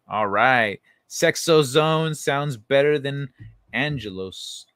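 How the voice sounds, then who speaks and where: Speaking slowly but animatedly, a young man with a medium-pitched, fairly bright voice hosts a late-night livestream with no room sound. He laughs often, reads chat aloud, and tells loose, profane stories while chatting casually with viewers.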